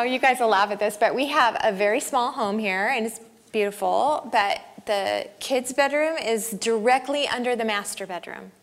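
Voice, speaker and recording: A middle-aged woman with a somewhat high voice speaks to a room of mothers. She is candid and self-deprecating, mixing advice with stories about her own shortcomings. She laughs easily at herself as she goes. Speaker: speaker at a family camp. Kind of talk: inspirational talk to mothers.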